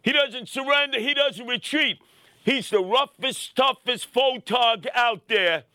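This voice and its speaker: A middle-aged man tells a story as a podcast host, bursting into shouts at the big moments. His voice sits very high and sounds sharp and forceful. The recording is dry and close. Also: measured pace, dry recording. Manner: excitable, shouting bursts, punchy street-tough delivery. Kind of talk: animated storytelling commentary.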